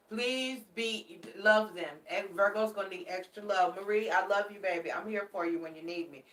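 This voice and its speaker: A woman's voice: mid-range voice, fairly bright tone, recorded from a distance. A woman giving a casual tarot reading, chatty and affectionate, repeating her warnings for emphasis and calling her viewers babies. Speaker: tarot card reader. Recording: echoey room, mic set back.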